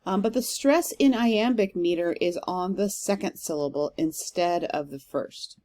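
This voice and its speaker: Teacher lady going over poetry meter, kinda low warm voice, patient, leans hard on stressed syllables. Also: measured pace. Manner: patient, explains step by step with fillers; reads verse aloud with heavy stress. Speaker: literature teacher. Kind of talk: recorded lecture.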